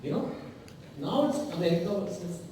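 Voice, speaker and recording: A man speaks at a conference, animated and emphatic, breaking into casual asides. His voice sits high and mellow. It is picked up from a distance in a very echoey hall. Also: a little fast, slight background noise. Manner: animated, rising to emphatic peaks, conversational asides. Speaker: author giving a talk. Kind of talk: conference speech.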